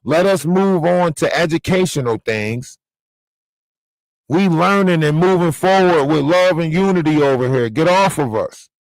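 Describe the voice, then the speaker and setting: A man's voice: fairly high pitch, measured pace, dry recording, poor audio. A man delivering a profane, confrontational rant on a livestream, scolding someone directly. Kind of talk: ranting livestream monologue.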